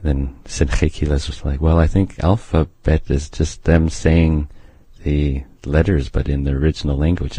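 A man's voice: a bass voice, steady tone, moderate pace, warm tone, slightly rough, no room sound. A man teaching a language's alphabet on radio, drawing out each sound as he pronounces it. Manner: drags out sounds when pronouncing them.

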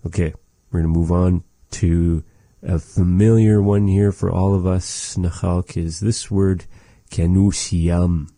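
Deep, slow-speaking male language teacher. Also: level tone, warm tone, no echo. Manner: slow, patient, repeats words after recordings. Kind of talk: language lesson.

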